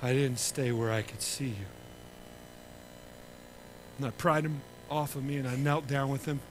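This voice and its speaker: A man with a Texan accent telling a lively story to children at a camp gathering, acting out the voices of the people in it. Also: medium pitch, normal speed, a little hiss or hum, low-quality recording. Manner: animated, acts out voices in his story. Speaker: camp speaker.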